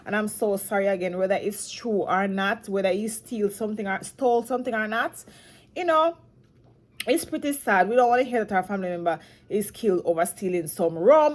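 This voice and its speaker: A woman from Jamaica talking through a news story in a casual, rambling commentary, restarting often and growing saddened as she goes. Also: fairly high pitch. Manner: emotional, saddened. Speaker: commentary vlogger.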